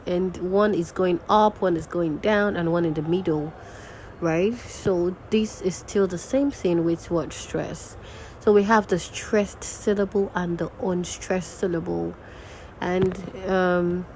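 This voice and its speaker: A young woman teaches a recorded diction lesson, taking her time and repeating example words aloud. Her voice sits a little low, and a faint hiss of background noise runs under the recording. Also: darkish tone, poor audio. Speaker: diction and grammar tutor.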